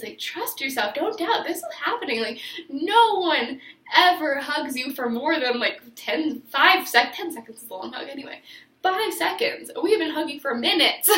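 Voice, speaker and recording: A woman's voice: on the high side, fairly bright tone, recorded from a distance, a little hiss or hum. A young woman vlogger telling a personal story in a rambling, emotional way, full of fillers and restarts, recorded a little away from the mic in an echoey room.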